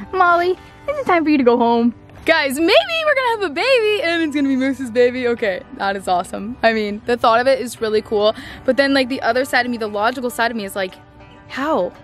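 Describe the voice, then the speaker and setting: Outdoors on her farm, a chatty young woman vlogs casually to camera, rambling with lots of "like" and "I don't know" and sometimes turning to talk to her animals. Her voice sits notably high, animated and brisk, over soft background music.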